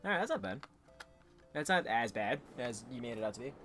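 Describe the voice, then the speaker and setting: Laid-back joking young man, lively voice. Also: medium pitch, a little fast, faint music behind. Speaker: let's play co-host. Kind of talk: casual gameplay commentary.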